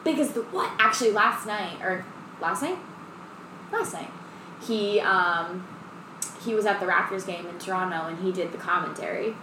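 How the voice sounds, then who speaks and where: A woman co-hosting a podcast in casual chat, animated, acting out quotes and swearing casually. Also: mid-range voice, normal speed. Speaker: podcast co-host. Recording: echoey room, faint noise.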